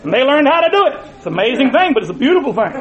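An older man preaching a fiery, folksy sermon in a church, swinging from shouted lines to low asides. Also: big pitch swings, rapid-fire. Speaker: pastor. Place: church sanctuary with congregation. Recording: muffled, echoey church recording with crowd.

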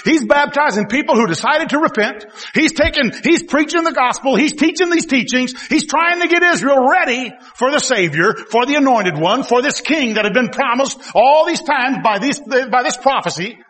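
A man preaching a sermon, telling the story in a folksy way and swinging from quiet asides to loud exclamations. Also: very high voice, expressive, normal speed, hardly any pauses. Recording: long hall reverb.

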